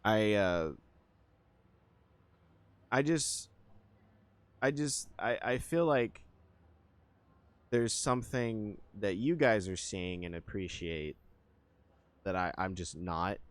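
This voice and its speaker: A man with a lowish voice streams a game and chats casually with viewers, speaking slowly with frequent pauses and no echo. He rambles and hesitates, filling gaps with lots of fillers as he thinks aloud.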